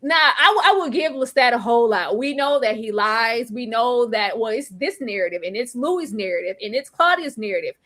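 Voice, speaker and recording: A woman co-hosting a TV review show in casual chat, animated and exclaiming, laughing and bursting into near-yells as she reacts. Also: fairly high pitch, brisk, few pauses. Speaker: TV review podcast co-host.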